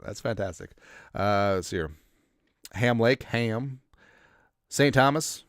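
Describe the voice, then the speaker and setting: Low-voiced man reading viewer shout-outs. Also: takes it slowly, no room sound, clean studio sound. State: congested, coughing. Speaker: podcast host. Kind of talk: casual livestream chat.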